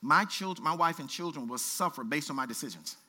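A man pastor preaching a sermon, reading scripture aloud with colloquial asides and lively exhortation. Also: on the high side, a little fast. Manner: animated preaching, reads scripture aloud with asides and playful voices.

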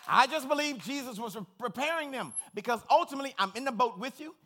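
A middle-aged man delivers a sermon from the pulpit in a high-pitched voice. He is earnest and personal and speaks in plain words. His tone is bright and forward. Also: lively intonation, quick pace. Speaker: pastor.

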